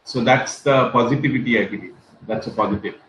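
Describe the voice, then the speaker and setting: A man's voice: medium pitch, fairly quick, a bit bright, slight background noise. Chatty man in an echoey room. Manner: chatty, repeats himself, many fillers. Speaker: English class host. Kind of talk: casual group chat.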